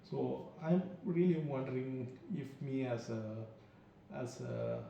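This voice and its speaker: A man talking through a film review in a gravelly, very dark voice, wandering from thought to thought. He sounds far from the mic in a very echoey room, with dull, lo-fi sound. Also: mid-range voice, slow pace, a little hiss or hum. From India. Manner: rambling, loose and digressive. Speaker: podcast host. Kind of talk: casual solo film review.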